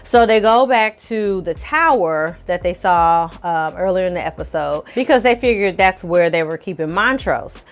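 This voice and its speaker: Slangy, low-voiced woman recapping a show. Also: moderate pace, hardly any pauses. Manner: lively storytelling, slangy and profane, addresses viewers as y'all and honey. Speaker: film and TV reviewer. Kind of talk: casual episode recap.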